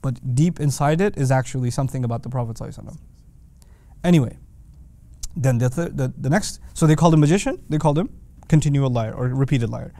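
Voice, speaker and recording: A man lecturing on the language of scripture, emphatic and animated, asking rhetorical questions and quoting Arabic verses. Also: medium pitch, fast talker, dry recording. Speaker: Quran teacher.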